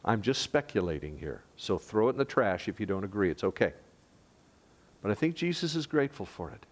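A male pastor preaching a sermon in an earnest, conversational way, with dramatic drops to a hush. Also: fairly low pitch, big pitch swings, a little fast.

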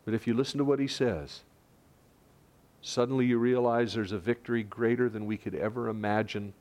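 A man preaching a sermon as a pastor, lively, rising loud for quoted lines and dropping to hushed tones. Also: mid-range voice, fairly quick.

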